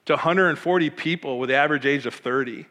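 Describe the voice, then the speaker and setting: A middle-aged man from Michigan, a pastor, tells his own story of calling with feeling. His voice sits a little high and rings bright. He slips into the voices of others as he goes. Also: fast talker, long reverb tail. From Michigan, USA. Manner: animated, emotional, acts out quoted voices. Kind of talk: personal testimony storytelling.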